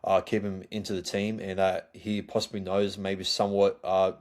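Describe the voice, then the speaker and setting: A man hosting a solo sports review podcast, talking in a halting way with many fillers and restarts. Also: sits low, level tone. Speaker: podcast host.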